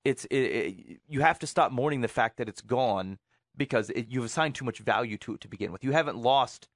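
A man's voice: medium pitch, a little fast, no room sound, clean studio sound. A man hosting a casual advice chat, rambling and playful with many restarts.

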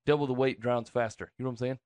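A man's voice: medium pitch, fairly even intonation, very fast, darkish tone, clean tone, dry recording. A man cracking sarcastic jokes in a casual advice chat. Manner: joking, sarcastic.

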